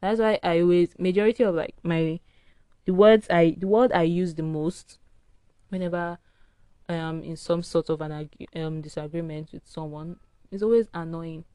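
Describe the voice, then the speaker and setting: A woman's voice: fairly low pitch, steady tone, moderate pace, warm tone, clear, resonant tone, dry recording. A tired woman hosting a solo podcast, rambling frankly in a casual early-morning rant. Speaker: podcast host. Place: indoors at home early morning.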